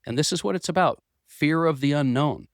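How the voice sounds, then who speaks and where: A man with a slightly high voice talks a little fast on his motivational business podcast, recorded dry at studio quality in an office. He sounds earnest, and his voice is a bit worn from losing it. He repeats words each time he restarts a phrase.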